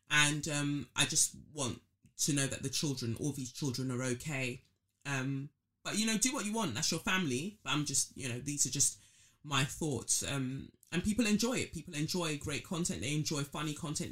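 A woman's voice: low voice, expressive, normal speed, a bit bright. A woman hosting a podcast, talking through her thoughts casually with many fillers and restarts. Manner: reflective, thinking aloud with many fillers. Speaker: podcast host. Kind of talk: casual solo commentary.

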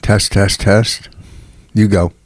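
A man's voice: lowish voice, flat delivery, slow pace, no room sound, clean studio sound. A man co-hosting a podcast, bickering defensively with his partner and talking over her, his voice jumping up when he argues. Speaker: podcast co-host. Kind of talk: casual bickering chat.

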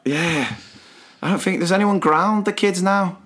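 A man's voice: sits high, a little slow, fairly bright tone. A man in his forties co-hosting a podcast in casual chat, reminiscing and laughing often. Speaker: podcast co-host.

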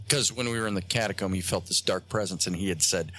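A man, a guest on a talk show, tells a long story in a halting way, with many fillers and restarts. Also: deep voice, sharp tone, a little hiss or hum. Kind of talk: casual storytelling on a radio show. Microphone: phone line.

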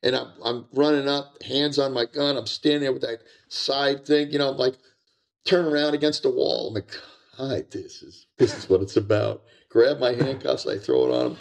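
Older american guy with a gravelly voice telling excited cop stories, keeps repeating himself. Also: mid-range voice, moderate pace. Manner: excitable, repeats words, acts out quotes. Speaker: guest, retired drug agent. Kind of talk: animated war-story telling.

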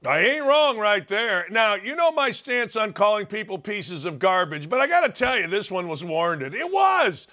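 High-voiced man hosting a sports show. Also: very animated, moderate pace, hardly any pauses, pushed and bright. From United States. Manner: joking, opinionated, conversational asides. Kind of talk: casual sports commentary.

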